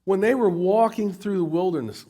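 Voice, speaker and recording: A man's voice: sits high, moderate pace, mellow. A middle-aged man preaching a sermon as pastor, conversational, often repeating words as he restarts.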